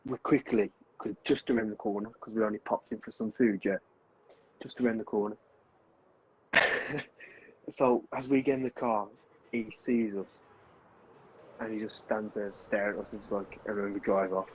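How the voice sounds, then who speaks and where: A man's voice: fairly low pitch, steady tone, normal speed, long pauses, slightly rough, muffled recording. A young man, rambling through a story in casual chat with friends, full of restarts. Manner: rambling anecdote with many restarts and laughs. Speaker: streamer chatting with friends. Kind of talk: casual chat while gaming.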